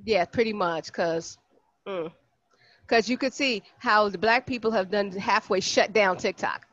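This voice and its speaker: A woman from Brooklyn, co-hosting a casual podcast and acting out quotes in an animated way. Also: mid-range voice, measured pace, no echo. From Brooklyn, New York. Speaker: podcast co-host. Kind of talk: casual chat. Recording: dry, dull lo-fi sound.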